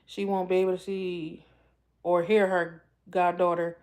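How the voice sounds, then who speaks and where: A woman vlogger in emotional casual talk, halting and tearful, often repeating herself as she speaks. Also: lowish voice, little pitch movement, darkish tone. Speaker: vlogger host.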